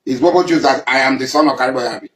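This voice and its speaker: A man's voice: medium pitch, racing, fairly bright tone, echoey room, low-quality recording. A Nigerian man giving an emphatic public statement, accusing and repeating himself for weight. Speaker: community leader.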